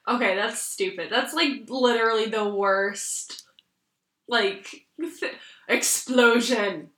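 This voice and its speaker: A young woman chats and jokes through a casual podcast, her speech full of "like" as she thinks aloud. Her voice is fairly high and bright. The room around her sounds echoey. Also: slow. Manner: chatty, joking, many "like" fillers. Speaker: podcast co-host. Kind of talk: casual chat.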